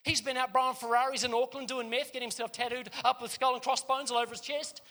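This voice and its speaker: A New man preaches a sermon with a high, bright and forceful voice. He tells the story with energy and turns to the congregation with quick joking asides. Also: level tone.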